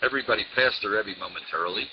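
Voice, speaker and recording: A man's voice: fairly low pitch, very fast. A man in his sixties, a rabbi, telling a story in a sermon, repeating words for emphasis. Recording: dull lo-fi recording with faint noise.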